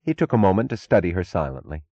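A man narrating an audiobook in a measured, even reading. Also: deep voice, no echo, muffled recording. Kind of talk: scripted narration.

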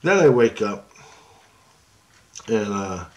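Lowish-voiced man rambling through a story. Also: sing-song, slow. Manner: rambling, profane, with many restarts. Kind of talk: casual dream storytelling.

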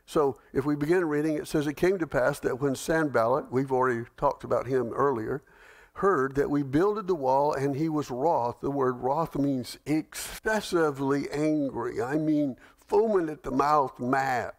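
A man's voice: medium pitch, a little slow. A middle-aged male pastor leading a Bible study, telling folksy stories and reading scripture aloud.

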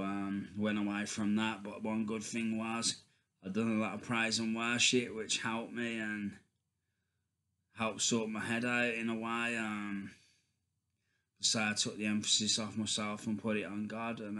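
A man talking casually to his viewers in a faith vlog, halting, with many ums and restarts. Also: fairly low pitch, flat delivery, bright, forceful tone. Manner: addresses viewers as guys. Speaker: vlogger.

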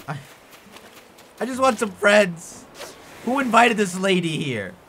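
A young man talks over his gameplay in a high, bright voice that leaps all over the place. He rants with theatrical anger, and faint music plays behind him. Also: slow. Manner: animated, theatrically angry ranting. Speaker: gaming YouTuber. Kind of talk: casual gameplay commentary.

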